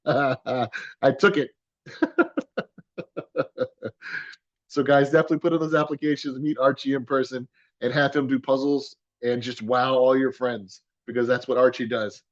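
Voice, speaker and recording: A man's voice: mid-range voice, no echo, highs cut off. A man hosting a virtual dog adoption event over a video call, speaking with enthusiasm and laughing often. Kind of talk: upbeat promotional chat.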